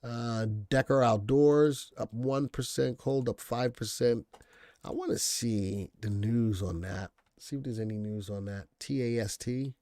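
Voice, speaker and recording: A man's voice: mid-range voice, unhurried, warm tone, no echo, clean studio sound. A man hosting a live stock-analysis stream, talking casually, thinking aloud and answering viewer comments. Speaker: stock market show host.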